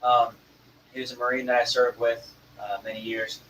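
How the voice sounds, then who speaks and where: A man co-hosting a podcast, making dry, low-key deadpan remarks in casual chat. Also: moderate pace. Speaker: podcast co-host. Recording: distant from the mic, faint room noise.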